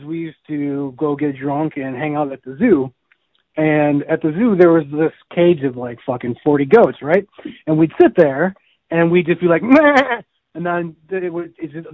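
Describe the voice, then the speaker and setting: A man with a slightly high voice co-hosts a casual gaming podcast, telling rambling, jokey stories and now and then bleating like a goat. The recording has no room sound and a tinny, phone-like quality.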